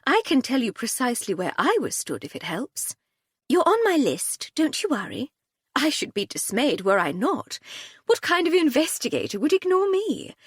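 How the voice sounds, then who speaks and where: A woman's voice: a little high, husky, no room sound, voice pushed up. A woman narrator voicing a witty, unflappable upper-class lady detective with a dry, breezy manner.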